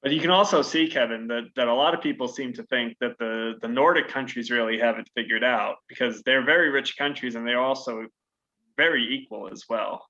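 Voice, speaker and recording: A man who teaches economics, giving measured, thoughtful opinions in a casual discussion. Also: mid-range voice, bright, forceful tone, highs cut off.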